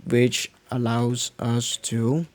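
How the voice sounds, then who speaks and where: A man's voice: medium pitch, level tone, extremely slow, slight background noise. A man streaming a game, giving casual live commentary, rambling and restarting his sentences as he plays. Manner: rambling, restarts often, mutters to himself.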